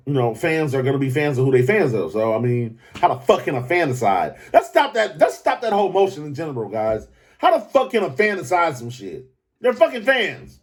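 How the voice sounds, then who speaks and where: Male podcast host, casual monologue, slightly high voice, animated and profane. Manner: animated, profane, jumps to high excited pitch.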